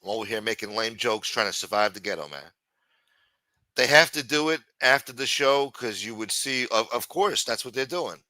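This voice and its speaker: Profane livestream host, man, exasperated rant, bright forceful voice, dry close sound. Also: medium pitch, lively intonation, normal speed, no echo. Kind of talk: ranting livestream talk.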